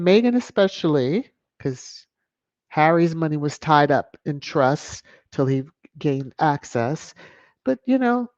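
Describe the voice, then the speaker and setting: A woman's voice: deep voice, a little mellow, no echo. A woman hosting a celebrity news commentary vlog, sassy and emphatic, repeating phrases for effect. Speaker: vlog host. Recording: dry, dull lo-fi sound.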